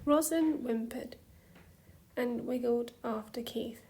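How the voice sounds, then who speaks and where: A woman narrating a fan story softly, with a hushed, gentle reading voice. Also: on the high side, fairly even intonation, slight background noise. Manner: slow, soft, hushed reading. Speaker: fanfiction reader.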